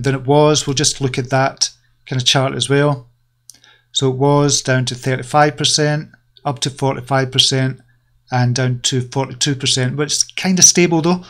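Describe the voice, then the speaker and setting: A man hosts a casual live stream, talking through market charts and answering his viewers' comments. He sounds upbeat and keen, rambling a little with lots of ums and loose phrasing, at an ordinary mid pitch for a man. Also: fairly bright tone. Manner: upbeat and enthusiastic, rambling with frequent fillers. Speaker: crypto channel host.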